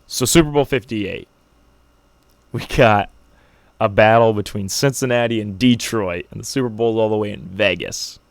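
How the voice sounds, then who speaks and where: A young man with a fairly low voice hosts his own sports podcast, ranting through his picks in a brash, joking, hyped-up way. The sound is dry and close, with no room around him. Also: normal speed, gravelly, no room sound. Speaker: podcast host. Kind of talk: solo sports prediction podcast.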